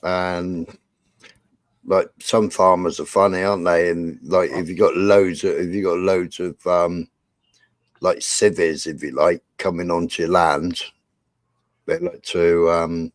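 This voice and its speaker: A man's voice: low-pitched, fairly even intonation, slow, pauses often, dry recording. A man on a live stream panel who rambles and explains with lots of fillers and casual swearing.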